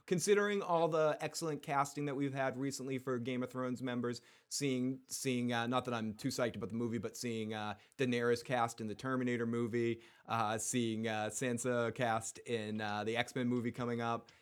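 A man co-hosting a casual podcast recap, excitable and swearing freely, often stumbling and restarting his sentences. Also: medium pitch, normal speed, hardly any pauses, smooth. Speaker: podcast co-host.

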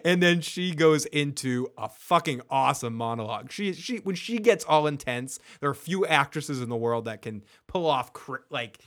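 A man co-hosting a casual recap podcast, animated, acting out quoted lines and laughing often. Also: on the high side, moderate pace, few pauses. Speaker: podcast co-host.

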